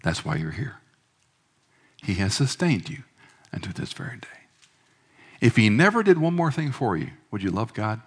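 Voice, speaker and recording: A middle-aged male pastor preaching a sermon in a church, swinging between emphatic bursts and hushed, quiet lines. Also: fairly low pitch, very animated, moderate pace, husky.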